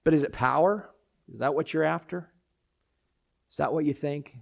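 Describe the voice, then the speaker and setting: Male pastor, gravelly voice, sermon, quiet pleading rising to loud urgent calls. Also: fairly high pitch, moderate pace, highs cut off. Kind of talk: sermon closing with prayer.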